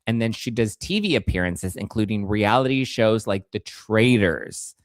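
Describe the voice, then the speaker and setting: A male host giving sarcastic, animated commentary on celebrity news, at times jumping into high squeals. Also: normal speed, no room sound, studio quality. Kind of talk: casual commentary.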